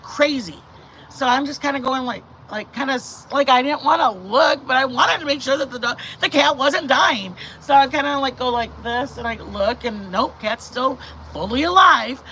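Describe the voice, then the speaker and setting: A bright, forceful woman's voice, somewhat high for a woman, telling a long story to camera. She is a middle-aged vlogger who talks in a chatty, animated way and often turns to her faith. A faint hiss sits under the voice. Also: moderate pace.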